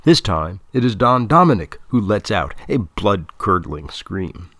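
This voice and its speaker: A man reading a story aloud as narrator in a measured, deadpan manner. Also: on the low side, a little hiss or hum.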